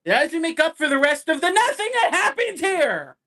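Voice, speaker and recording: A man's voice: very high-pitched, normal speed. A man co-hosting a casual podcast, ranting and swearing freely, often mimicking other people as he retells what they said. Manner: animated, swears a lot, ranting. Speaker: podcast co-host.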